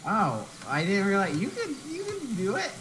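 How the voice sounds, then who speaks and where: A man's voice: high-pitched, huge pitch swings, moderate pace, a bit bright, a little hiss or hum. A man playing a video game with a friend, chatting casually in a dry, teasing way. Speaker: co-player. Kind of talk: casual gaming chat.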